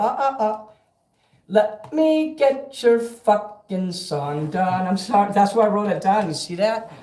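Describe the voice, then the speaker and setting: A man ranting profanely and rambling in a casual livestream between karaoke songs. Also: on the high side. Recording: echoey room over karaoke backing music.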